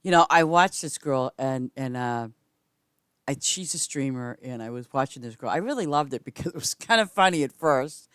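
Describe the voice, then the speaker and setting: A woman game streamer chatting casually with her viewers while she plays, rambling and swinging between loud greetings and quiet asides. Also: moderate pace, clean tone, no room sound, clean studio sound. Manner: chatty, rambling, repeats "I'm just saying"; lively swings in pitch and loudness, sometimes whispering. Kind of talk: casual gameplay chat with viewers.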